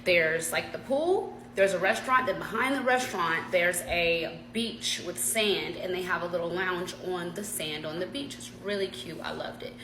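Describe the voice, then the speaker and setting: A woman vlogger telling a story in a chatty, slangy, animated way. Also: fairly low pitch, moderate pace, few pauses, roomy sound, a crowd in the background, rough recording. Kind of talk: casual storytime.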